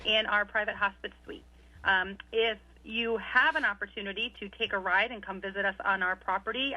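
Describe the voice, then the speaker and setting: A woman on a radio call giving a sponsor pitch, with steady, listing delivery. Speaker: sponsor representative. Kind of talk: casual radio talk, reading a sponsor pitch. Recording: muffled phone line.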